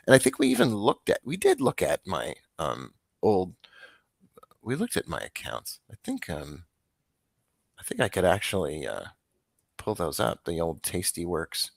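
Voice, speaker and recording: Deep-voiced man, dry rambling market talk. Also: unhurried, vocal fry, no room sound. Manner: rambling, self-interrupting, offhand; dry, flat disclaimer tone. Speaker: stock market show host. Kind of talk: casual market commentary.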